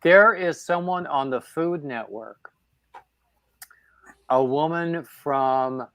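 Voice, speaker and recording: A man's voice: on the high side, takes it slowly, fairly bright tone, dry recording. A man hosting a casual livestream chat, rambling, with lots of fillers and restarts. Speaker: livestream host.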